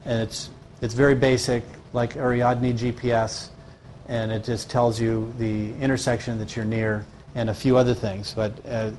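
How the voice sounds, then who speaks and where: A man's voice: medium pitch, flat delivery, moderate pace, a little mellow. Guy answering audience questions live, stops and restarts a lot, bit of background hiss. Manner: hesitant, restarts mid-sentence. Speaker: presenter answering product questions. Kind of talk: live Q&A session.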